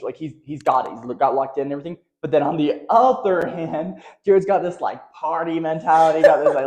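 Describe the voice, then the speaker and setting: A man's voice: fairly high pitch, fast talker, hardly any pauses, warm tone. A young man co-hosting a podcast, rambling loosely and dropping "like" and "okay" often. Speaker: podcast co-host. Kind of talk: casual chat.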